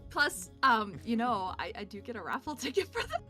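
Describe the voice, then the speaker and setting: A woman's voice: a little high, sing-song, normal speed, sharp tone, soft background music. A woman co-hosting a game stream, teasing her partner and giggling. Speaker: stream co-host. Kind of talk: casual stream chat.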